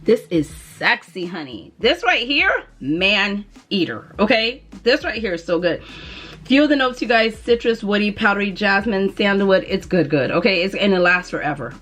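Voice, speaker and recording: A woman's voice: mid-range voice, lively intonation, fairly quick, fairly bright tone. A woman talking casually to camera as a fragrance vlogger, chatty and dramatic, with playful asides.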